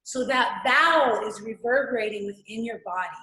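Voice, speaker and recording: A woman instructor guides a breathing and vocal exercise, giving calm step-by-step instructions between long sung vowel tones. Her voice is on the high side at a moderate pace, with a roomy echo around it.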